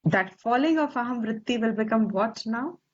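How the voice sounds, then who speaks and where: A woman teacher with an Indian English accent, explaining scripture slowly and deliberately, stressing Sanskrit terms and posing rhetorical questions. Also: on the high side, animated. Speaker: Vedanta teacher. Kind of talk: slow scriptural class explanation. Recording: slightly dull lo-fi recording.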